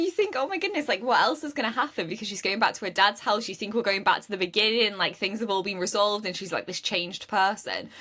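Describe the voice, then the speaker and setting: A woman's voice: mid-range voice, a bit bright. A woman co-hosting a podcast, retelling a novel's plot in casual chat, full of fillers and acting out characters' lines. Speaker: podcast co-host.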